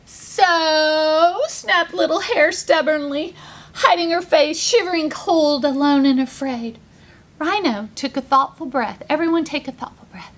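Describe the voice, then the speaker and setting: A woman's voice: high-pitched, moderate pace. A woman author, reading her picture book aloud and getting children to join in. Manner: animated, coaxing kids to join in. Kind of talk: interactive storytime reading.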